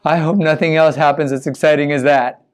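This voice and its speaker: A man voicing a missionary's wife who is rattled and exasperated, wanting a calm ride. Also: a little high, brisk, clean tone, pitched below the performer's own voice, close to an everyday voice. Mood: weary.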